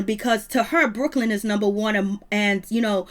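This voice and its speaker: High-voiced sassy woman gossiping. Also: moderate pace, few pauses. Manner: animated, gossipy, sassy commentary. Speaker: reality TV recap host. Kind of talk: live reality show review.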